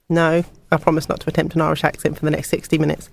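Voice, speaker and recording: A woman's voice: on the low side, rapid-fire, gravelly, a little mellow. Chatty woman radio DJ. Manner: chatty, personal asides between songs. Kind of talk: student radio show presenting.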